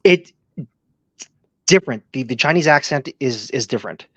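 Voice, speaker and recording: A man's voice: mid-range voice, expressive, normal speed, a bit bright, no echo. A man chatting as a guest, hesitant and stammering, often repeating his words. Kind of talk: casual podcast chat.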